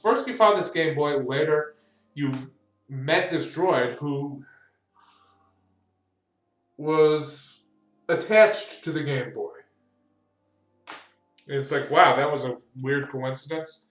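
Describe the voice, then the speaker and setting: A man's voice: on the high side, slow, pauses often, soft background music. A man narrating as game master of a tabletop role-playing game, rambling and restarting often. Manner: rambling, full of fillers and restarts. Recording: echoey room.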